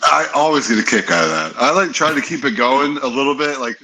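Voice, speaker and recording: A man's voice: medium pitch, animated, quick pace, a crowd in the background. A young man, a podcast guest, telling stories in a laid-back, teasing way. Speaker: podcast guest, football lineman. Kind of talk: casual storytelling chat.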